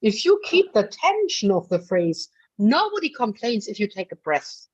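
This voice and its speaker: Coaching a singer in a masterclass, she calls her darling and is blunt yet affectionate, chatty and full of fillers. Her medium-pitched voice swings widely in pitch, moves at a moderate pace, and has a darkish tone with a breathy edge. The recording is dull and lo-fi.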